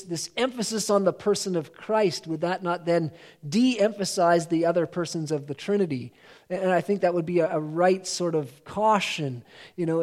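Earnest high-voiced male preacher. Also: a little mellow. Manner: earnest, measured, reads scripture aloud with emphasis. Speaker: pastor. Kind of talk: sermon teaching.

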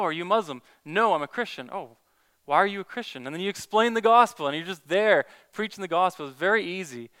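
A man's voice: a little high, fairly bright tone, smooth. A man who is a Christian evangelist, earnestly telling a story in a casual talk, with many restarts.

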